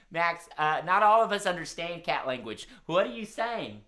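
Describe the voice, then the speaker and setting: A man's voice: sits high, sing-song, normal speed, hardly any pauses, fairly bright tone. A man hosting a live-streamed children's music show, talking cheerfully straight to young viewers.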